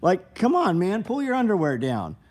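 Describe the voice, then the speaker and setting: A man's voice: high voice, huge pitch swings, moderate pace, noisy background. A middle-aged man, hosting a livestream and chatting casually through viewer comments in a blunt, profane, rambling way. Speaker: livestream host.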